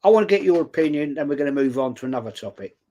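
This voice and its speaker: A man with a London accent hosting a casual football livestream, reading out viewer comments and giving shout-outs. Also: fairly high pitch, expressive, very fast. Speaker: host.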